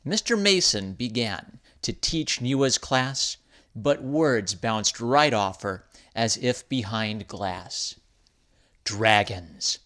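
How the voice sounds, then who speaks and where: A man reading a rhyming children's story aloud in an expressive, sing-song way. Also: medium pitch, very slow.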